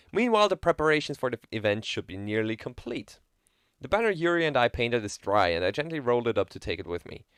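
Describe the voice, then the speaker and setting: A man's voice: mid-range voice, fairly bright tone, clean tone, dry recording, clean studio sound. A young man streaming, reading a visual novel aloud in a playful, joking way and chatting with viewers.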